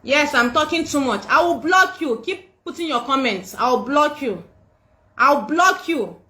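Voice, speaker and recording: A woman's voice: sits high, animated, unhurried, pushed and bright. A Nigerian woman hosting a livestream, scolding and defiant, repeating herself, speaking into a phone. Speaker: livestream host. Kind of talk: livestream rant. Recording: echoey room.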